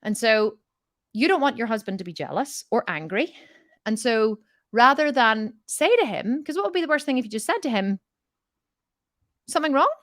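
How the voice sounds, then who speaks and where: Woman, middle-aged, fitness and mindset coach, motivational Q&A, emphatic, repeats herself for weight, slightly high voice. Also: very animated, normal speed, fairly bright tone, no room sound, clean studio sound. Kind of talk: motivational Q&A talk.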